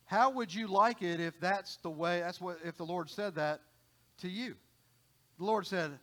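A man's voice: sits high, unhurried, a bit bright. A middle-aged man preaching a sermon in a folksy, conversational way, often repeating and restarting phrases.

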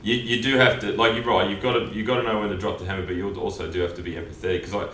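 A man hosting a casual podcast conversation, rambling and halting, with casual swearing. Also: fairly low pitch, fairly even intonation, fairly bright tone, slight background noise. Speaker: podcast host. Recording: roomy and distant from the mic.

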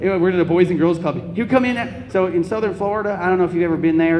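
High-voiced man telling funny stories in a hall. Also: quick pace, slight background noise. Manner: animated, comic storytelling with laughs. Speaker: Catholic speaker. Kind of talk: storytelling talk to an audience. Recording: echoey hall, faint ambience.

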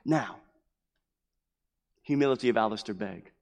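Passionate pastor preaching in a reverberant church. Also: male voice, on the low side, unhurried. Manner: impassioned, repetitive preaching with sudden loud emphases. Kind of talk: sermon. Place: church building.

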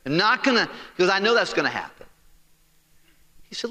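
A man's voice: high-pitched, brisk, long pauses, in a large hall. A man preaching a storytelling sermon, folksy and joking, acting out the story's dialogue. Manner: animated, acts out the dialogue of the story.

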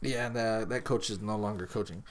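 A man's voice: lowish voice, a little fast, a crowd in the background. A young man hosting a podcast, telling a story casually, swearing and acting out the quotes. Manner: profane, animated, acts out quotes. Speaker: podcast host.

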